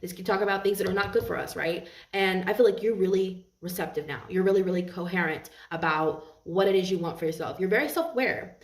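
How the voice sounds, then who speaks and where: A woman's voice: on the low side, quick pace, hardly any pauses. Earnest woman giving a tarot reading. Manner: earnest and heartfelt, with frequent repeats and restarts. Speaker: tarot reader. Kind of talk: tarot reading monologue to viewers. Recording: roomy echo, mic at a distance.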